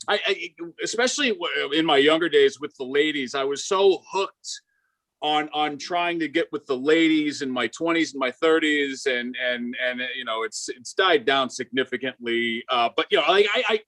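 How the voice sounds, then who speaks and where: A man's voice: a little high, normal speed. Hyper stammering man in his forties. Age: 40s. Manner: hyper, animated, stammering restarts. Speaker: stand-up comedian. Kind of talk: stand-up set.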